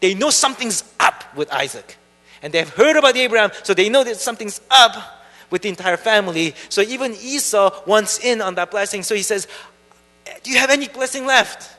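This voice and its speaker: A man's voice: high-pitched, lively intonation, fairly quick, bright, forceful tone, big-room sound. A man preaching a sermon, retelling the story in a casual, chatty way. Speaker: pastor. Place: church hall.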